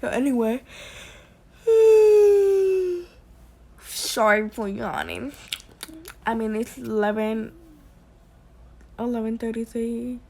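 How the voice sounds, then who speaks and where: Rambling slow-talking young woman with gravelly voice. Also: on the high side, expressive, slight background noise. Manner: rambling, repetitive, drifting between loud rants and quiet near-whispers. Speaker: vlogger. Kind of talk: casual rambling vlog. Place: bedroom, late at night.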